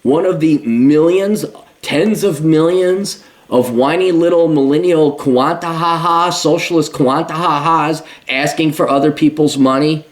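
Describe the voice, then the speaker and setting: A man's voice: on the high side, measured pace. A middle-aged man giving a sarcastic, mocking commentary rant while reading and reacting to an article. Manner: sarcastic, mocking, with mimicking asides. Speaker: commentary host. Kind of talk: ranting commentary.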